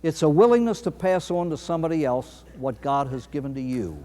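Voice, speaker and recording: A man, a priest, giving a recovery talk full of anecdotes, telling his stories dramatically with long pauses and sudden emphasis. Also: on the high side, animated, mellow. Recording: long hall reverb.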